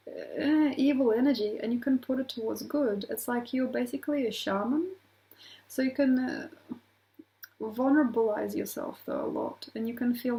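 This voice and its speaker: A woman's voice: a little high, warm tone, rough recording. A woman astrologer talking casually to camera, rambling from point to point with laughing asides.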